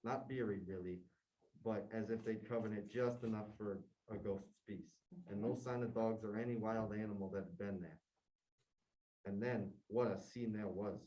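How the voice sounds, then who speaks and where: A man's voice: fairly low pitch, steady tone, normal speed, mellow, close to an everyday voice. A young man reading a nervous sentry. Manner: rambling, stumbling read-aloud. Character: nervous, rambling male sentry. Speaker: student. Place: classroom. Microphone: distant room mic. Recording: dull, distant classroom recording.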